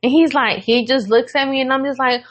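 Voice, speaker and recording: Animated, swearing woman podcast co-host. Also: high voice, fairly quick. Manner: animated storyteller, swears freely, acts out quoted voices. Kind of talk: casual chat.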